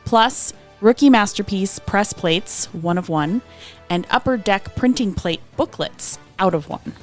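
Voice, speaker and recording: Woman, podcast co-host, reads release notes, dry asides, mid pitch, faint music behind. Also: a little slow. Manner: reads details, then adds dry asides.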